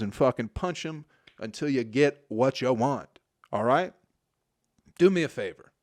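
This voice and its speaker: A man's voice: medium pitch, lively intonation, unhurried, a little mellow, no room sound, studio quality. A man in his forties from Michigan, hosting a solo podcast in a crude, profane, rambling monologue that trails off into mumbles. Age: 40s. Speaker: podcast host.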